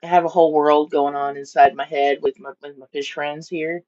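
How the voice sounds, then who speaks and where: A woman's voice: deep voice, flat delivery, brisk, darkish tone. Chatty woman rambling on a lo-fi stream. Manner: chatty, rambling, voices her fish in silly asides. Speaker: fish-keeping streamer. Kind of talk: casual live-stream chat. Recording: dull lo-fi stream audio.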